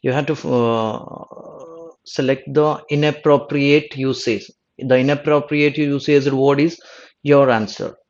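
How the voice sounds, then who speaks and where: Speaking slowly in a steady mid-range voice over lo-fi sound, a male coaching teacher from South India goes through exam answers. His habit is to restart, repeat, rephrase mid-sentence and add "no?".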